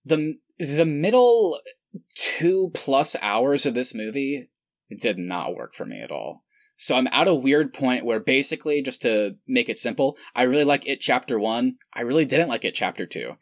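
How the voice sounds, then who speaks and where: A man's voice: mid-range voice, sing-song, normal speed, a bit bright, dry recording. A man co-hosting a podcast, chatting casually and enthusiastically, rambling with frequent laughs. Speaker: podcast co-host. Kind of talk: casual chat.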